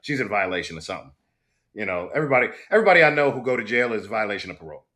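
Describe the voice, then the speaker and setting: A middle-aged man guest in a casual interview, telling a story with lively acted-out quotes. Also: racing. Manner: animated storyteller, acts out quotes with big pitch jumps. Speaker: actor guest.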